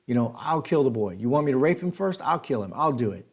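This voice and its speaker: A man's voice: mid-range voice, lively intonation, fast. A man voicing a small, frightened male lawyer who pleads frantically for his life, his words tumbling out. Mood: eager panic.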